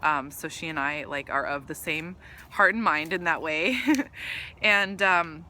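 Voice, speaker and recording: A woman's voice: low voice, slow, sharp tone. A woman business coach talking earnestly to her camera, rambling a bit with lots of ums and restarts. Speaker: business coach for women entrepreneurs. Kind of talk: casual talk to camera. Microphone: camera mic.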